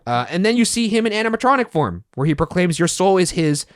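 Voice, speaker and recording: A man's voice: high-pitched, very animated, fast, no echo, clean studio sound. A man in his thirties co-hosting a casual podcast, recapping in detail and swearing casually. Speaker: podcast co-host. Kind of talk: casual chat.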